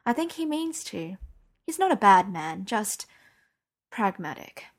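A woman reading the part of a calm, protective mother in an audiobook, soft and steady. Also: medium pitch, unhurried. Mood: soothing.

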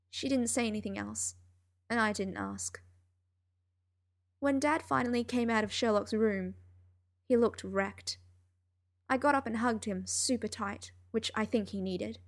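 A woman reading a first-person story aloud in an expressive, emotional way. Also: on the high side, a little slow, long pauses. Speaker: audiobook narrator.

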